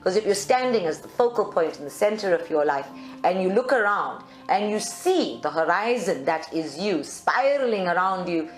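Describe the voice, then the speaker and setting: A woman's voice: lowish voice, expressive, moderate pace. Spiritual group leader, woman from South Africa, reflective live talk, roomy sound, faint music bed. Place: meditation centre room.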